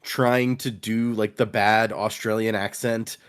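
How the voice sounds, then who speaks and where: A man with an average-pitched voice, chatting on a podcast. He talks in a relaxed, hesitant manner. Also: slow pace, smooth. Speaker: podcast co-host. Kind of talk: casual chat.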